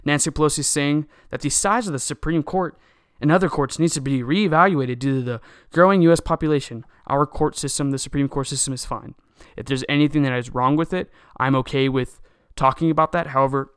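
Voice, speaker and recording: A man's voice: medium pitch, brisk, clean tone, no echo, studio quality. A young man delivering a solo opinion rant, agitated and indignant, often repeating words and restarting sentences. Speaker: political commentator.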